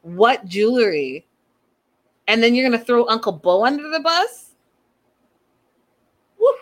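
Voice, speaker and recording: A woman in casual chat, recapping a reality show in a gossipy, animated way and quoting the cast as she goes. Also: a little high, a little slow. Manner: chatty, gossipy, animated retelling with quoted lines.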